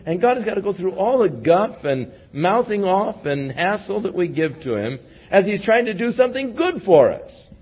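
A male pastor delivering a sermon with emphatic swings between booming declarations and hushed passages. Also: sing-song, normal speed, few pauses, husky. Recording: dull lo-fi recording.

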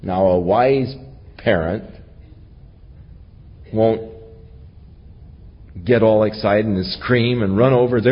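A man preaching a sermon, teaching earnestly from scripture. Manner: slow, earnest Bible teaching with lively rises in pitch. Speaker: pastor. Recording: lo-fi recording with long hall reverb.

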